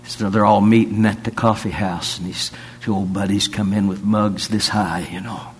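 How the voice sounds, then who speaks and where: A man's voice: on the low side, fairly even intonation, moderate pace, slight background noise. A man preaching, telling folksy stories and rising to fervent declarations. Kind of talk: sermon with folksy storytelling.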